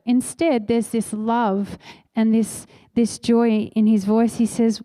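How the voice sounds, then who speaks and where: A woman's voice: fairly high pitch, flat delivery, takes it slowly, hardly any pauses, mellow, dry recording. A woman preaching a sermon in a church, telling a story earnestly and acting out the voices she quotes.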